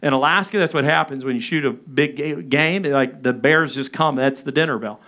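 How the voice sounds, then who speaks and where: A man in his thirties preaching a sermon, telling a personal story with animated delivery and acting out his own panicked calls. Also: a little high, normal speed. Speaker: pastor.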